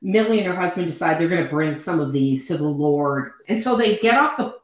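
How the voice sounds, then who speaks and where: A woman recapping a novel in a casual book chat, expressive and acting out the characters' lines. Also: fairly low pitch, fairly quick. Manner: expressive, acts out quoted lines. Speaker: book podcast co-host. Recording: very echoey room.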